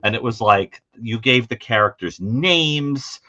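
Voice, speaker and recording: A man's voice: mid-range voice, expressive, unhurried, bright, forceful tone, a little hiss or hum. A man reminiscing fondly in casual chat, amused and searching for words. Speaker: podcast guest. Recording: dull lo-fi remote audio.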